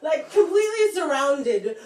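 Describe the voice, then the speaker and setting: On stage in a small bar's performance room, a young woman tells a story live, chatting and laughing as she goes. Her high, very animated voice has a darkish tone and moves a little slowly, captured by a distant mic in an echoey room.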